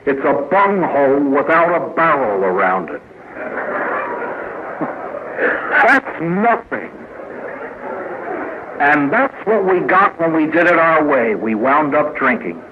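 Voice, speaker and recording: A priest giving a humorous inspirational talk at a recovery meeting, telling stories with punchlines and acting out the people in them. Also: male voice, a little high, big pitch swings, slow, pauses often. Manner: storytelling with punchlines, voices quoted characters. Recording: tinny lo-fi archive recording with faint hiss.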